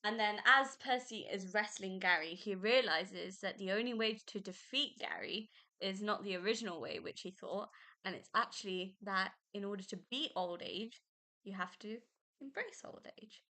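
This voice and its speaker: Gushing bright-voiced young woman podcaster. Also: mid-range voice, normal speed. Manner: gushing, emotional, laughs often. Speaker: podcast host. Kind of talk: casual book review chat.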